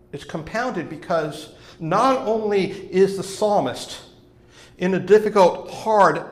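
Male pastor, slow earnest sermon delivery, slightly high voice, reverberant room. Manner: earnest, rising to emphatic stress on key words.

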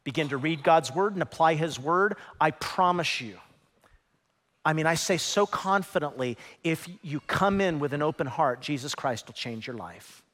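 A man preaching a sermon as pastor, with dramatic swings that swell into shouts. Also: fairly high pitch. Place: church auditorium. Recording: large hall reverb.

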